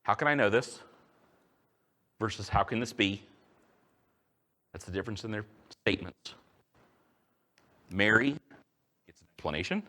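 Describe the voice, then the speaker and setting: A man preaching a sermon in a conversational, animated way, asking his listeners rhetorical questions. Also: lowish voice, a little slow, long pauses. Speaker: pastor.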